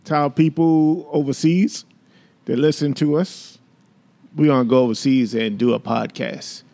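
A man's voice: mid-range voice, fairly even intonation, moderate pace, gravelly, dark tone. A married man in his fifties co-hosting a podcast with his wife, chatting casually and joking with her. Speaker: podcast co-host. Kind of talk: casual chat.

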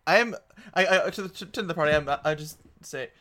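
A man's voice: on the high side, pushed and bright. A man playing a tabletop game who stammers and restarts, speaking casually in character and out of it. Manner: stammering, halting. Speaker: player.

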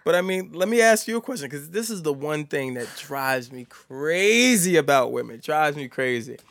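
A man co-hosting a podcast in casual chat, blunt and animated, swearing and laughing as he talks. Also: fairly high pitch, moderate pace, vocal fry, dry recording. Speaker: podcast co-host.

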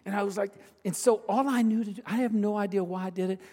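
A man's voice: sits high, steady tone, quick pace, mellow. A man preaching a sermon as a pastor, telling a personal story in a conversational way with asides and repeated phrases. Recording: long reverb of a large hall.

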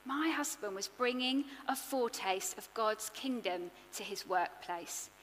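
A woman preaching in an earnest, expressive way, her voice bright and a touch high. She builds her points in rhythmic lists, and a long reverb trails after each phrase as if in a large hall. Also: unhurried, a little hiss or hum. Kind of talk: sermon.

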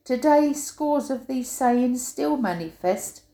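A woman's voice: high-pitched, lively intonation, takes it slowly, dark tone. An older woman reading her own humorous rhyming poem aloud, giving quoted sayings a playful, punchy emphasis. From England. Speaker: poet. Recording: roomy echo.

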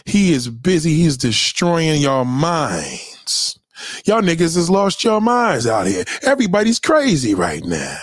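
A man's voice: fairly high pitch, very animated, measured pace, dry recording, clean studio sound. A man ranting on a livestream in a heated, preachy way, swearing constantly and repeating his points. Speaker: livestream host. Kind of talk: profane motivational rant. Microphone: home webcam mic.

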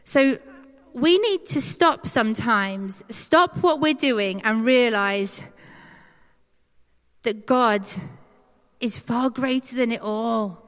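A woman preaching a conversational, animated sermon, acting out quoted voices. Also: a little high, takes it slowly, pauses often, clean tone. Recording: long hall reverb.

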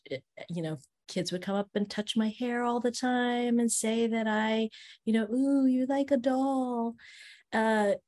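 Animated woman telling stories, laughing. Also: on the low side. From Northern California. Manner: animated storyteller, laughs often, lively quoted voices. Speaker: interview guest, theater teaching artist. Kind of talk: casual interview over video call. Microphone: video call.

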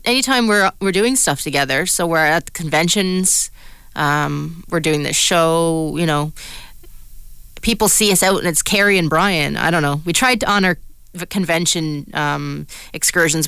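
A woman with a low, smooth, clear voice, recorded dry and close. She chats casually as a radio co-host, laughing easily and trailing off mid-sentence. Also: moderate pace, a bit bright, no echo. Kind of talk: casual chat.

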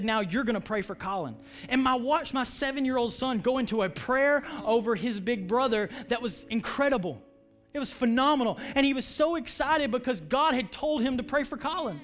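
A middle-aged man preaching from the pulpit, his voice sitting high for a man. He tells a story in a loose, conversational way, often stumbling and restarting, while faint music plays underneath. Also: a bit bright. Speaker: pastor. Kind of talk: sermon.

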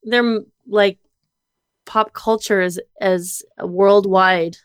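A woman's voice: mid-range voice, fairly even intonation, very slow, clear, resonant tone, no echo. A woman in a casual podcast chat with a dry, teasing manner.

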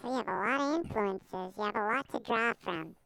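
A woman's voice: medium pitch, fairly quick, gravelly, a bit bright, slight background noise, poor audio. A young woman hosting a podcast, bubbly and playful, full of enthusiasm. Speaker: podcast host. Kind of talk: casual chat.

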